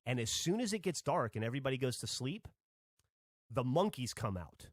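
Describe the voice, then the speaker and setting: A man's voice: mid-range voice, sing-song, a little fast, no echo. A man from Alabama, a podcast host, telling a rambling story in casual chat and swearing freely.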